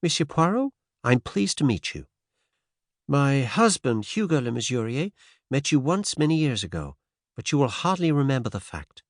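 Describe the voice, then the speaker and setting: A male narrator voices a determined American wife and mother around thirty, earnest and worried, with a faint American accent, pitching above his own voice. The audiobook character voice is medium-pitched with big pitch swings, at normal speed, in studio-quality sound with no echo.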